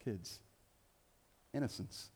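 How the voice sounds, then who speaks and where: Slow-paced and a little mellow, this pastor's voice fills a church sanctuary with long reverb. He preaches conversationally, cracking jokes and slipping in playful asides.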